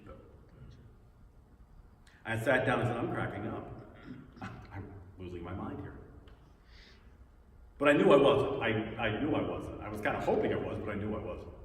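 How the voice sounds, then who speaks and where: Earnest man in an echoey hall. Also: medium pitch. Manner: earnest, reflective storytelling with wry self-deprecating humor. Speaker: speaker sharing a personal spiritual story. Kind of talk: personal testimony talk. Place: church hall. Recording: echoey hall, distant mic, faint noise.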